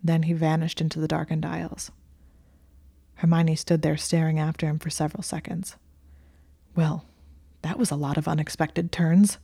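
A woman narrating an audiobook reading of fan fiction in a wry, expressive way. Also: low-pitched, moderate pace, gravelly, pauses often, husky, no room sound, studio quality.

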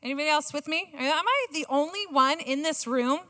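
Excitable woman preaching in a hall. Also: high voice, a little fast. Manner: excitable and self-mocking, laughs often. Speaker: church speaker. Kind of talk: sermon with personal story. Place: church auditorium. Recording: long church hall reverb.

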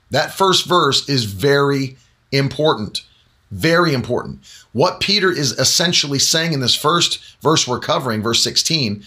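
Bright-voiced man preaching with emphasis. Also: lively intonation. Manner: emphatic, slows down and rises in pitch on key points; conversational with fillers between emphatic stretches. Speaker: Pentecostal preacher. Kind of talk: broadcast Bible teaching.

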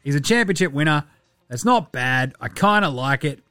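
A man hosting a casual basketball podcast, animated and sweary with jokey asides. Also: fairly high pitch, moderate pace, no echo, clean studio sound. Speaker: podcast host.

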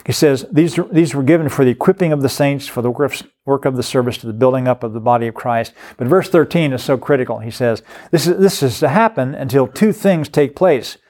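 Older guy preaching on scripture, earnest, middle pitch, keeps repeating words for emphasis. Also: fairly quick, few pauses, a little mellow. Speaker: guest speaker on discipleship. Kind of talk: preaching-style teaching talk.

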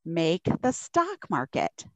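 A woman's voice: lowish voice, slow, no echo. A woman co-hosting a podcast, ranting casually and profanely about politics. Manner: profane, animated storytelling. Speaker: podcast co-host.

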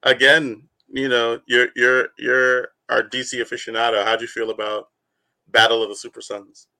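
A man's voice: mid-range voice, moderate pace, vocal fry. A man hosting a podcast in casual chat, laughing easily and passing questions to his co-hosts. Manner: bright, laughing, lively. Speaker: podcast host.

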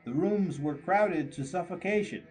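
A man reading a classic story aloud as an audiobook narrator, slow and deliberate. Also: high voice, a little mellow, faint music behind, rough recording. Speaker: audiobook reader. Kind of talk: scripted narration.

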